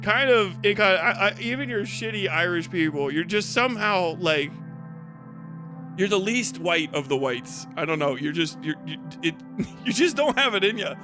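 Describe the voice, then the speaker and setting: A man's voice: high voice, expressive, moderate pace, over music. A man hosting a livestream, ranting casually in a profane, rambling way and laughing often. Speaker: livestream host.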